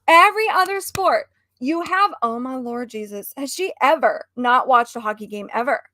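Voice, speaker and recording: A woman co-hosting a casual chat stream, ranting in an animated, exasperated way. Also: sits high, moderate pace, dry recording, studio quality. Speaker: stream co-host.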